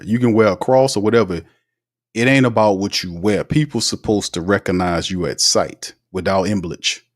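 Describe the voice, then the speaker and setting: A man with a fairly low voice hosts a casual live sports talk show. He reads viewer comments aloud in an animated, slang-heavy way, laughing often.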